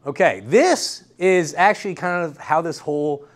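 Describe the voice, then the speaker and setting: A young man speaks to a lecture room in a fairly high voice. He is energetic and repeats his main points, often checking in with the listeners. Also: moderate pace. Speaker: guest lecturer. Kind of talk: university workshop talk.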